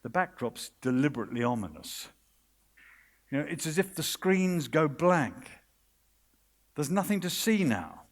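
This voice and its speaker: A British man with a voice high for a man delivers an earnest, dramatic sermon, dropping into hushed pauses with a sing-song lilt. A long reverb from a large conference hall surrounds his words.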